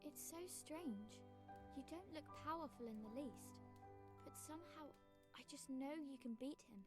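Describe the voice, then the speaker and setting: An actress voicing a gentle young woman in a game cutscene, speaking softly and wonderingly. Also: sits high, animated, moderate pace, over music. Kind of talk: voiced game cutscene dialogue.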